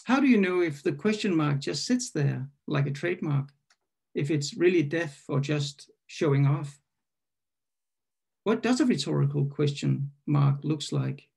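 A man reading his own poem at an online poetry event. He hesitates and corrects himself while introducing it, then reads in a measured, questioning way. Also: fairly high pitch, creaky, darkish tone, breathy edge. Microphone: video call.

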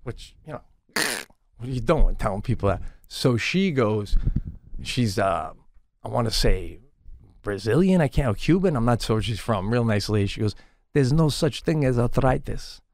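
A man's voice: lowish voice, moderate pace, no echo, clean studio sound. A middle-aged man co-hosting a podcast, telling a story in a heated, exasperated, profane way, his voice jumping up when he gets irritated. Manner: animated, voice jumps up when irritated. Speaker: podcast co-host. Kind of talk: casual storytelling.

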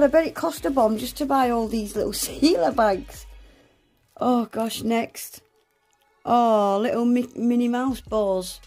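A woman's voice: medium pitch, warm tone. A woman unboxing nail art supplies in a gushing, exclamatory manner, often gasping. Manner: gushing, exclamatory, lots of gasps and "oh my gosh". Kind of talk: unboxing vlog, casual chat.

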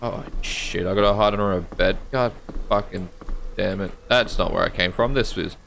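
This gaming channel host, an Australian man, plays a horror game and keeps up jumpy, joking commentary, swearing often and cracking jokes to himself. His voice is low, creaky and a bit bright, at a normal speed, with a little hiss or hum.

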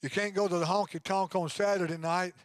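A man in his sixties preaching a sermon as pastor, swinging between loud preaching and quiet asides. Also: high-pitched, fairly even intonation, fairly quick, no room sound.

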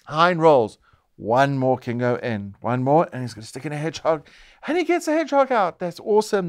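A man's voice: sits high, clear, resonant tone. A man presenting a board game show, narrating each turn play-by-play and exclaiming as pieces come out.

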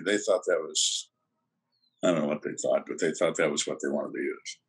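An older man with a very deep, husky voice tells interview stories. His delivery is dry and sardonic, and he talks like a retired homicide detective recounting old cases. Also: lively intonation, moderate pace, pauses often. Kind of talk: storytelling interview.

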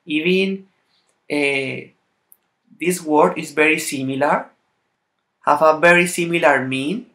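Man, Latin American Spanish accent, native Spanish speaker, language teacher, slightly raised pitch, unhurried, sounds out each example word carefully. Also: a bit bright. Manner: slightly halting non-native English phrasing. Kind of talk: spoken language lesson.

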